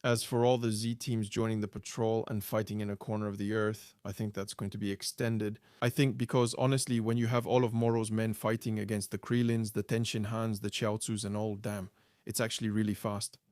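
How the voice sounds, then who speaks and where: A man's voice: fairly low pitch, flat delivery, brisk, a little mellow, no echo, clean studio sound. A man co-hosting a podcast in casual chat, easygoing, explaining things at length. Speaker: podcast co-host.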